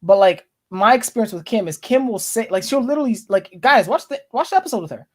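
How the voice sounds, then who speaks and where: A man's voice: sits high, lively intonation, quick pace. A man hosting a podcast in casual chat, blunt and teasing, swearing freely. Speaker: podcast host. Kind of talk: casual conversation.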